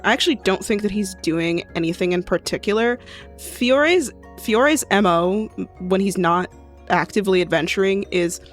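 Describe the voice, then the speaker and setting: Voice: medium pitch, a bit bright. A tabletop game player casually explaining rules and a character, with frequent hesitations and fillers.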